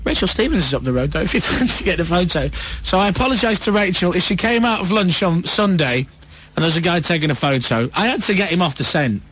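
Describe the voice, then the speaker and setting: A man hosting a breakfast radio show, telling a story in a bouncy way and snapping into quick voices for each character. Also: sits high, animated, a bit bright, husky. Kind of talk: radio show chat and anecdote.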